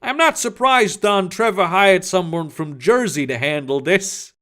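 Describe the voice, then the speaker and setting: A man's voice: sits high, lively intonation, a little slow, a bit bright. A man voicing a powerful male mage villain who speaks in a casual, mocking way in an audiobook story. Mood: smug.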